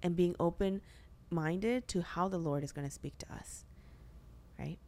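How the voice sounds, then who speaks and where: A woman's voice: lowish voice, measured pace, a little mellow, a little hiss or hum. A young woman hosting a podcast, talking earnestly about faith in a chatty way, full of filler words. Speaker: podcast host. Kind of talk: casual faith discussion.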